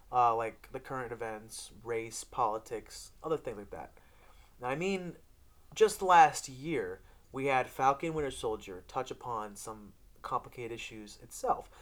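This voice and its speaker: A podcast co-host in casual chat reviewing a TV series, rambling and swearing freely, with animated retellings of scenes. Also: medium pitch.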